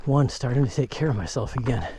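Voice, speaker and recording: A bereaved father vlogs candidly as he walks and jogs along an outdoor nature trail, holding his phone and reflecting while urging himself onward. His voice is medium-pitched, expressive and fast, with a noisy background.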